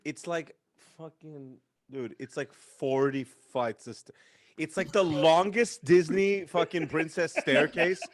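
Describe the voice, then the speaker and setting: Swearing, animated young man telling a story. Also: a little high, dry recording, studio quality. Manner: profane, animated storyteller doing voices. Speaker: podcast guest. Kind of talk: casual storytelling chat.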